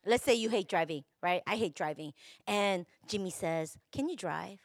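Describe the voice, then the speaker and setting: A middle-aged woman pastor preaching a sermon, emotional and confessional, rising to shouts at her peaks. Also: fairly low pitch, moderate pace, no room sound, studio quality.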